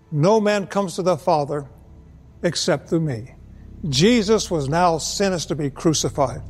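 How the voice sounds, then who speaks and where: A man preaching an evangelistic sermon, earnest and measured, slowing down to stress key words. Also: sits high, big-room sound. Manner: earnest, measured, slows for emphasis.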